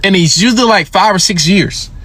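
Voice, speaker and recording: Bright high-voiced scolding man. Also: a little fast. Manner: blunt, scolding, repeats points. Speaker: commentator. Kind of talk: social media rant.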